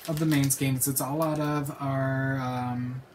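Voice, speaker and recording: A woman's voice: a bass voice, fairly even intonation, slow pace, a little mellow. Chatty woman podcast host, faint hiss. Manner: chatty, teasing, laughs often. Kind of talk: casual chat.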